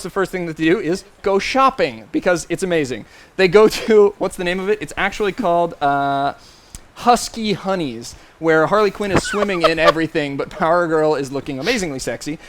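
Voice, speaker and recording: A man's voice: high voice, fairly bright tone, slight background noise. A young adult man recapping a comic on a panel show, enthusiastic and joking.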